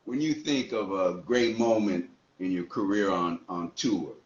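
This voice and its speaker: A man's voice: sits low, measured pace. A middle-aged man, a radio host chatting easily in an interview and laughing along with his guest. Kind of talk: casual interview. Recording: roomy, slightly dull, faint background hiss.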